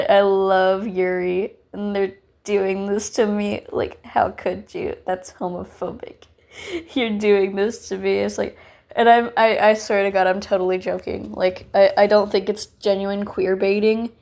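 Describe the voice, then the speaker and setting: A woman's voice: medium pitch, darkish tone. Woman fan reviewer: chatty, melodramatic, rambling with fillers. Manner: dramatic, gushing, mock-despairing. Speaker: book reviewer. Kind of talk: casual fan commentary.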